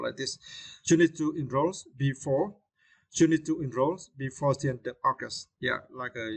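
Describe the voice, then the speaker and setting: A man teaching English vocabulary, pausing often with fillers and tag questions, and repeating each word slowly to show where the stress falls. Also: medium pitch, a bit bright, poor audio. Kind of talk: spoken vocabulary lesson.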